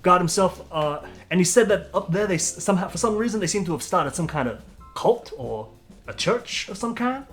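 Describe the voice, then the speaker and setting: A frank, fretful orc shopkeeper mother, put on by a man running a tabletop game. She talks in a higher voice and rambles with many restarts. She stays chatty even while worried. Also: fairly quick, soft background music.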